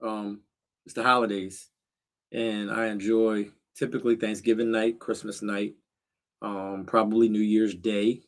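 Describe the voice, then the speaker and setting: Livestreaming from a cold backyard shed, a middle-aged host chats casually and speaks straight to his viewers, using slang and fillers. His voice is lowish, with a level tone and a measured pace.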